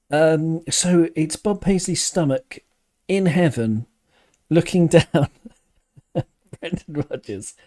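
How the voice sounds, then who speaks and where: A man's voice: on the high side, slow, long pauses, dark tone. A man hosting a live fan stream, chatting loosely and thoughtfully, with frequent restarts and chuckles while reading viewer comments. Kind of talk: casual live-stream chat.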